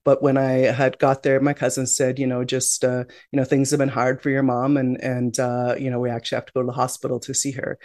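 A woman's voice: rumbling low, completely flat delivery, brisk, few pauses, a little mellow, no echo, clean studio sound. A middle-aged woman, a guest in an interview, telling her life story in a reflective, candid way. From Canada. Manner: reflective, candid, with frequent restarts and "you know".

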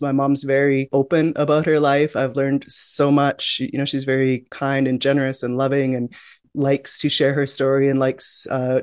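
In a dry studio-quality recording, a Canadian woman of middle age speaks as an interview guest about her life. Her pitch is extremely low and her tone darkish. She comes across as reflective and candid, restarting often and saying "you know" a lot.

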